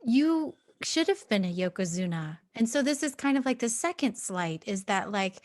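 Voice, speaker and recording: A woman's voice: medium pitch, animated, moderate pace, dry recording. A woman hosting a podcast, asking follow-up questions in a conversational way. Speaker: podcast host. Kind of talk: interview questions.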